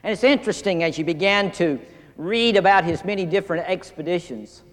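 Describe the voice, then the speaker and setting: In a large seminary chapel hall with long reverb, a man preaches a sermon in a folksy, earnest style, telling stories and reading scripture aloud. His voice sits high and his delivery is brisk.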